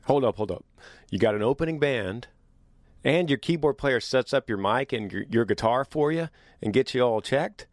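A man hosting a casual monologue to his viewers, animated and joking, teasing as he talks. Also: mid-range voice, normal speed, no room sound, clean studio sound. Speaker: host.

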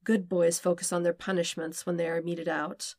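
A woman voicing a soft-spoken, coaxing young man. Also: little pitch movement, moderate pace, no echo, clean studio sound, close to an everyday voice. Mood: teasing. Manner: soft, low, coaxing murmur. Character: dominant young man, teasing and tender. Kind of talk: podfic reading.

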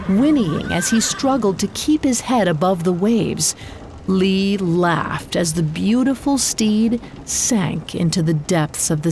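A woman hosting a podcast, narrating a dramatic story in a measured, scripted way. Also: mid-range voice, a little mellow, slight background noise.

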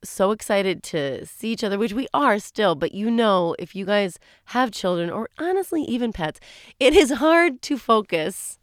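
A woman's voice: medium pitch, expressive, moderate pace, dry recording, clean studio sound. A woman in her forties co-hosting a podcast, chatting in a rambling way that often breaks off mid-thought, recorded alone in a small closet at home. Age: 40s. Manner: rambling, chatty, self-interrupting. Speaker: podcast co-host. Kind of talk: casual solo chat.

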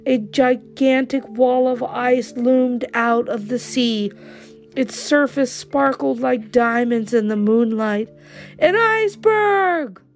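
A woman reading a children's storybook aloud in a slow, expressive way. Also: fairly high pitch.

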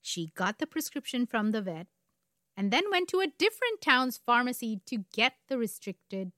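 A woman's voice: a little high, big pitch swings, normal speed, bright, forceful tone, no room sound. Casting: woman in her forties from India, true crime podcast co-host, chatty and wry, dry close sound. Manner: conversational, wry asides. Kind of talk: casual true crime storytelling.

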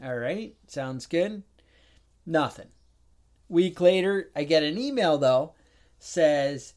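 Male podcast co-host, higher voice, lively delivery, acts out the people in his stories, exasperated asides. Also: slow, long pauses. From New York. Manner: animated storyteller, acts out phone calls, gets exasperated. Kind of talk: casual chat.

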